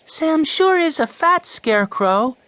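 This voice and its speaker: A man reading a storybook, voicing a gentle ten-year-old girl in a raised, softer voice. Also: extremely high pitch, big pitch swings, slow, dry recording, voice pushed up, heavily acted.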